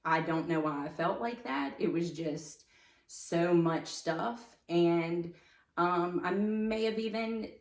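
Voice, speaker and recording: Brief: deep-voiced woman sharing personal testimony, hesitant and full of fillers, recorded in a roomy space from a distance. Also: steady tone. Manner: halting, with many fillers and restarts. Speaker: podcast guest.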